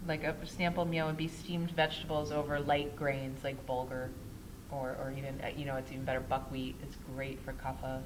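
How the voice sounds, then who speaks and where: A woman's voice: a bass voice, level tone, normal speed, noisy background. A woman teaching a casual Ayurveda class at a yoga studio. She talks in a chatty way, keeps asking "right?" and laughs at herself.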